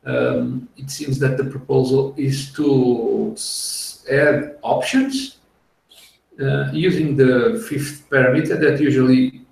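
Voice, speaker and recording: A man hosts a casual tech podcast over a video call, explaining things slowly and calmly and laughing now and then. His voice bounces around a very echoey room. He sits well back from the microphone, so he sounds distant. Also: mid-range voice, vocal fry. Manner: unhurried, explanatory, laughs easily. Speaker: podcast host. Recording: echoey room, far from the mic.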